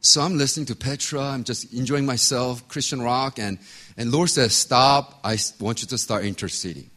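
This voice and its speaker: Animated man telling a sermon story. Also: mid-range voice, a little fast. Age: 50s. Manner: animated storytelling, acts out voices, laughs often. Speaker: pastor.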